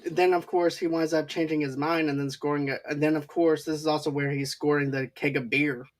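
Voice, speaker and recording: A man's voice: fairly high pitch, little pitch movement. A man hosting a casual movie review podcast, rambling through plot recaps. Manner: rambling plot recaps with quick acted quotes. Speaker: podcast host.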